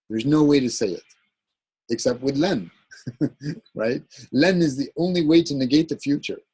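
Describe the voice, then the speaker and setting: A man teaching an Arabic grammar lesson in a recorded class, explaining patiently with many pauses, ums and restarts. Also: fairly high pitch, darkish tone, breathy edge, no echo, low-quality recording. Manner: halting, searching for words, many ums and restarts; explains a grammar point patiently, checking with "right?".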